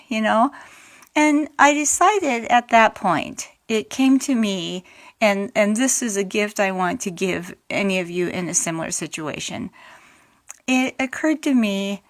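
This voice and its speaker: An earnest middle-aged woman talks straight to the listener. Her speech is heartfelt and unpolished, full of little fillers and restarts as she gathers her thoughts. Her pitch sits mid-range for a woman. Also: unhurried. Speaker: widow sharing her grief experience. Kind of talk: personal talk to camera.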